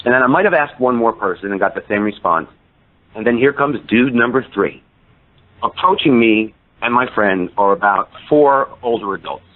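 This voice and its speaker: A man's voice: mid-range voice, lively intonation, moderate pace. A man in his fifties, a podcast guest, telling a story casually and acting out the people he quotes with shifts in his voice. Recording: tinny phone-line sound.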